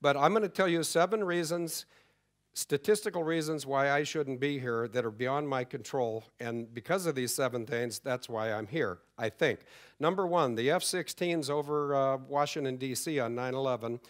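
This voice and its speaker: A man's voice: mid-range voice, normal speed. A middle-aged man telling a story to a conference audience, acting out the exchanges he quotes. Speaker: conference speaker. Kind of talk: conference talk. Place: conference hall.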